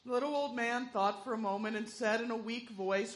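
A woman's voice: a little high, fairly quick, hardly any pauses, fairly bright tone. A woman leading part of a church service. She tells a story-style joke with an easy narrating rhythm and then moves into matter-of-fact offering announcements. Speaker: worship leader.

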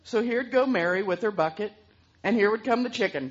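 A woman telling a story aloud in an animated way, throwing in sound effects. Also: medium pitch, brisk, highs cut off. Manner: lively, with vocal sound effects.

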